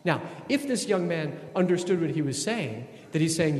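A man giving a sermon as a priest, animated and conversational, often acting out voices. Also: fairly high pitch, moderate pace, few pauses. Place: church. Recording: echoey church with long reverb.

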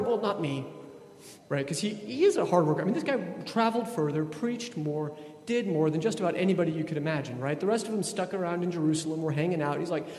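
Animated preacher in an echoing church. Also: male voice, a little high, brisk. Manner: animated, conversational, acts out voices. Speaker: priest. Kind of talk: sermon. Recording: echoey church with long reverb.

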